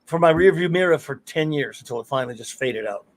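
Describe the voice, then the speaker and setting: A man's voice: on the high side, expressive, fast. A middle-aged man hosting a casual live stream, telling rambling stories, cursing freely and laughing often. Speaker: podcast host.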